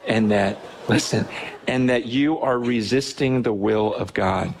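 A man's voice: on the low side, measured pace, a little hiss or hum, voice pushed down. A man voicing an eleven-year-old girl pleading earnestly with her parents, in a sermon story.

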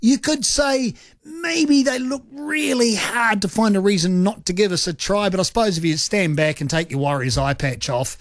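A man's voice: sits high, moderate pace, no room sound. A New Zealand man co-hosting radio sports talk in a casual, jokey, self-deprecating way. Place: radio studio. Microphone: studio microphone. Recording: dry close studio sound.

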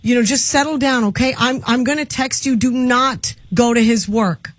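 Woman host, high and slightly husky, emotional, dry studio mic. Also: moderate pace, no room sound. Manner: emotional, pleading, animated. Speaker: radio host. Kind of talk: morning radio chat.

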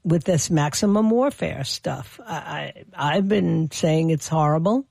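A political commentator talks through an opinion monologue in a gravelly, creaky voice, recorded dry and close with no room sound. The delivery stumbles over repeated words and restarts, then presses points with indignant emphasis. The pitch sits in a middle range. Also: a little slow, a little mellow, no room sound.

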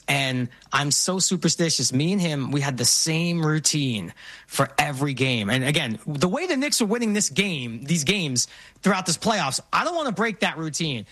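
A man in his forties from New York, co-hosting a casual chat and telling stories in an animated way with frequent restarts. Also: on the high side, normal speed, dry recording. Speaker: co-host.

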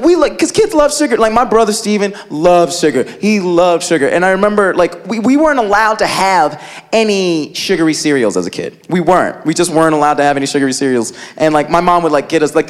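A man doing a stand-up comedy set on a club stage, telling a story with lots of filler words and acting out his family's voices. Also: high-pitched. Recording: live club with loud crowd and noise. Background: audience laughter.

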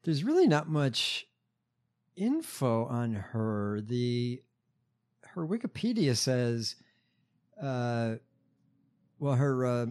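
A man co-hosting a casual chat, reading out background facts with hesitant fillers. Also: medium pitch. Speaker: podcast co-host.

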